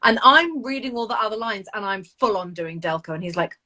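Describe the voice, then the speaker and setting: Actress on a live video call, laughing a lot, telling stories against herself, mid-pitched voice. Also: female voice, fairly quick. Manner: animated, laughing, self-deprecating storytelling. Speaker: actress guest. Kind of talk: casual live Q&A chat.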